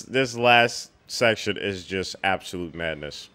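A young man hosting a film reaction, talking casually with loud, excitable outbursts and frequent laughter. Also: low voice, a little slow.

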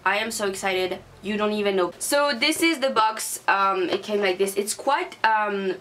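A woman's voice: medium pitch, a little slow, few pauses, fairly bright tone, a little hiss or hum. Angry young woman ranting to camera. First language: not English. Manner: angry, swearing rant. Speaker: beauty vlogger. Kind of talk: casual unboxing vlog.

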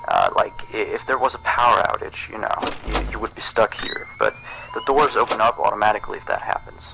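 A man's voice: fairly low pitch, lively intonation, a little fast, gravelly, noisy background. A man voicing a phone guy who gives hesitant instructions for a night shift. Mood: rambling. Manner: hesitant, rambling, full of ums.

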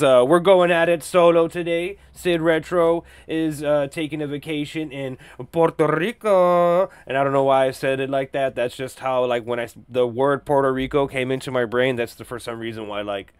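A man's voice: mid-range voice, a bit bright, clean tone, dry recording. A young man hosting a casual solo podcast, rambling, swearing and joking with lots of fillers. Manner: profane, jokey, rambling with frequent fillers. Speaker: podcast host.

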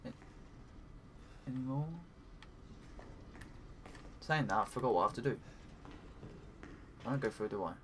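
A man giving let's play commentary while he plays, talking to himself, swearing often and breaking into excited cries. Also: mid-range voice, a little slow, long pauses, background noise. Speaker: gaming commentator.

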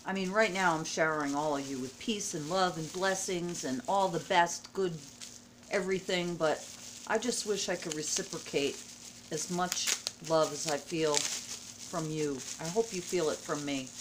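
Middle-aged woman, home vlog, emotional and gushing, unhurried speech, faint room noise. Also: on the low side. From United States. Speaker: vlogger. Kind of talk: casual vlog unboxing. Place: at home indoors.

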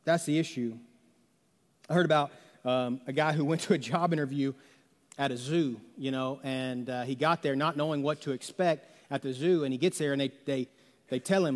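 A man's voice: medium pitch, normal speed, in a large hall. A man preaching a sermon as pastor, telling jokes and stories in a conversational way and asking the congregation rhetorical questions. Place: church sanctuary.

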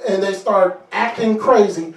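A high-pitched man preaches deliverance with lively energy and humorous asides. His voice rings through a reverberant church hall, picked up from a distance with faint music underneath. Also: unhurried. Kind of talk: deliverance sermon. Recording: echoey room, mic far off, faint music.

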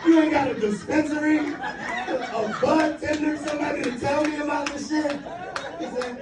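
A high-pitched man in his fifties from the US East Coast working a stand-up crowd with loose, profane, laughing tales. He sounds set back from the microphone in a roomy, echoing club, with a lively audience clearly heard behind him. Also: normal speed, distant mic, heavy background noise. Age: 50s. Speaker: stand-up comedian. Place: live comedy club with audience. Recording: roomy live stage mic, crowd.

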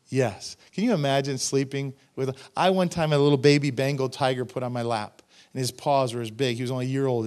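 A middle-aged man, a pastor, preaching a sermon, reading scripture and adding emphatic, conversational asides to the congregation. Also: medium pitch. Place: church sanctuary.

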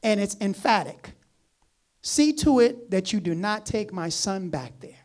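A preacher giving a sermon, reading scripture aloud and commenting on it, who talks emphatically and repeats key phrases, swinging between loud, urgent lines and quiet asides. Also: mid-range voice, lively intonation, unhurried.

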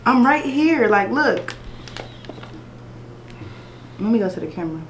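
Young woman vlogger, higher voice, nagging and repetitive, echoey room. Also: big pitch swings, a little slow, faint music behind. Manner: pestering, repeating the same questions over and over. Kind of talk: casual prank vlog.

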